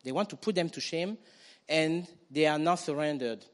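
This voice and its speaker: Male preacher, slightly high pitch, animated sermon delivery that builds to loud declarations. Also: moderate pace. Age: adult parent. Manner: animated, acts out quoted voices, rises to loud declarations.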